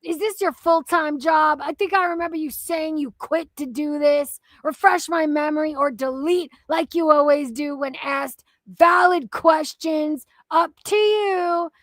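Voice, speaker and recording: A young woman with a high voice rants through reaction commentary, swearing freely, exasperated and mocking. She takes her time, leaning on her words slowly. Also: fairly bright tone, no room sound. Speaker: commentary channel host.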